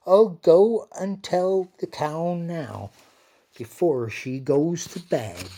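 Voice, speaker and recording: A man's voice: fairly high pitch, slow pace, dark tone, a little hiss or hum, voice pushed up. A man voicing a polite, timid young dairymaid in a storybook reading. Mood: eager.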